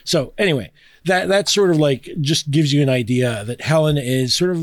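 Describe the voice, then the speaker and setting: A man's voice: fairly high pitch, normal speed. A man hosting a podcast in a casual, chatty way, reading passages aloud and laughing easily with plenty of fillers and restarts. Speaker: podcast host.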